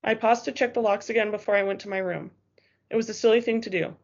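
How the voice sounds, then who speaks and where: A woman's voice: mid-range voice, fairly even intonation, quick pace, a little mellow, lo-fi sound. A woman narrating a first-person novel as an audiobook, in a tense, urgent storytelling manner.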